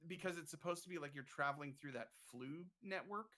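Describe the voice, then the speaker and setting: A man's voice: fairly high pitch, fairly quick, pushed and bright. A man in a casual stream chat, eagerly explaining theme park ride effects in detail. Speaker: streamer guest.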